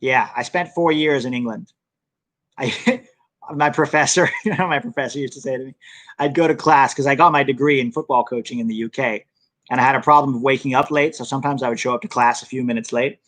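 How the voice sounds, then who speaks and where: A man's voice: medium pitch, fairly quick, a bit bright, dry recording. Chatty young American man streaming. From United States. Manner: chatty, reading viewer comments aloud. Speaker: soccer channel host. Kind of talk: casual live stream chat.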